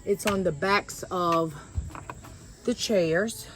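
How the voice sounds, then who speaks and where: A woman's voice: lowish voice, extremely slow. A woman talking casually to her viewers while setting up patio furniture outdoors, a little out of breath. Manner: chatty, relaxed, addresses viewers directly. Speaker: lifestyle vlogger. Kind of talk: casual sponsored vlog. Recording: background music, voice sometimes far from mic.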